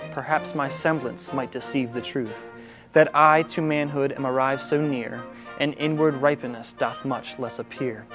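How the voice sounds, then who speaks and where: A man reciting a poem in a measured, deliberate reading. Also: medium pitch, steady tone. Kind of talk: poetry recitation. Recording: violin music under voice. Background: violin music.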